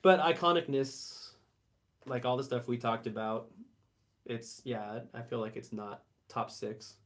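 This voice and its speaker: A man's voice: medium pitch, steady tone, unhurried, a bit bright. A man co-hosting a podcast, chatting casually about movies and laughing often. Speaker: podcast co-host. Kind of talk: casual chat.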